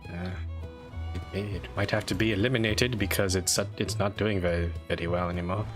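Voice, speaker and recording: A man's voice: sits low, fairly even intonation, a little fast, over music. A man streaming a strategy game, chatting casually and self-deprecatingly with lots of restarts. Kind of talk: casual live-stream commentary.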